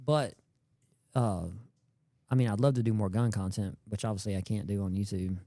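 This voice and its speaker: A man's voice: lowish voice, fairly even intonation, normal speed, mellow, dry recording, studio quality. A man, a YouTube creator chatting casually on a podcast, rambling and slangy and often repeating words.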